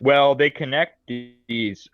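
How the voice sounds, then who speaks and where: A man in a casual podcast discussion, talking in an animated way with fillers and quick laughs. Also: medium pitch, phone-quality sound. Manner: animated, laughs easily, thinks aloud with fillers.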